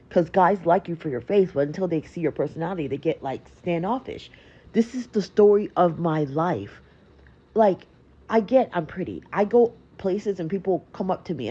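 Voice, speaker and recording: A young woman speaks earnestly and emotionally, repeating her words for emphasis. Her voice is husky and mellow, slightly low. The clip sounds dull and lo-fi. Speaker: social media creator.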